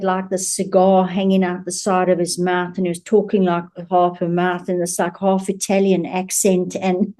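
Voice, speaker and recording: A woman speaking to camera in a mellow, warm voice at a middle pitch. She is an animal communicator, and she tells her story in a chatty, amused way, often breaking into laughter.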